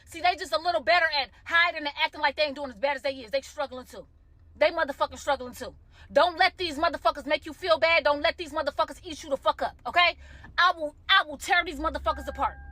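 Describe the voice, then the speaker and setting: A woman's voice: high-pitched, fast, pushed and bright. A woman giving an emotional, profane rant to camera from a car, heated and close to tears. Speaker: commentator reacting to a viral video.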